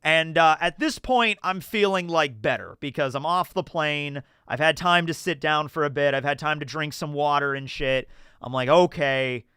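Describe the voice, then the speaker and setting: A man's voice: on the high side, moderate pace, clean tone, no room sound, studio quality. A young American man rambling through stories on a casual livestream, reading chat questions and answering with lots of fillers. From United States. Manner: rambling, animated storytelling with many fillers.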